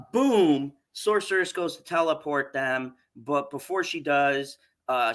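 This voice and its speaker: A woman's voice: very deep voice, a bit bright. A woman giving a profane, exasperated rant while reviewing a show.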